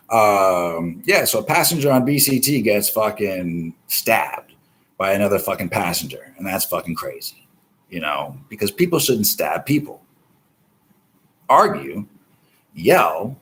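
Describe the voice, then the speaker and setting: A man's voice: low voice, a bit bright. A man hosting a live stream, chatting casually about the news in a rambling, heavily profane way. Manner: profane, rambling, swears constantly.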